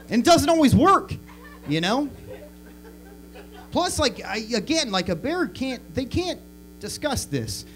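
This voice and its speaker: A man doing crude, animated stand-up comedy on a club stage, acting out bits as he goes. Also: very high-pitched, measured pace, long pauses, soft background music. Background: audience laughter.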